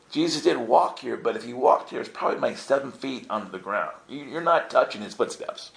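A man tells stories to a group with lively comic timing. He acts out the voices in his stories and jumps into high, excited outbursts. His voice has a medium pitch and the room around him echoes. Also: fairly quick, gravelly. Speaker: speaker telling stories to a group. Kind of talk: animated storytelling.

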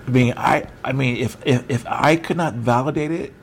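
A man's voice: mid-range voice, normal speed, a little hiss or hum. A middle-aged man giving an informal teaching sermon over a video call, conversational and rambling with self-mocking humor. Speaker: preacher.

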